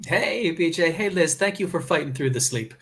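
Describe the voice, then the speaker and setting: A man's voice: fairly high pitch, expressive, moderate pace, gravelly, a bit bright, a little hiss or hum. A middle-aged man who teaches college, co-hosting a casual chat in an easygoing, wry way.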